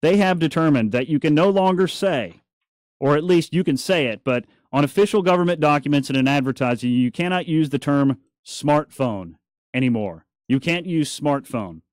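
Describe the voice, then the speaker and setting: A man's voice: fairly high pitch, lively intonation, normal speed, a little mellow, no room sound, clean studio sound. A man hosting a talk radio show, chatty and opinionated with joking asides. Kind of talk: casual talk radio monologue. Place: radio studio.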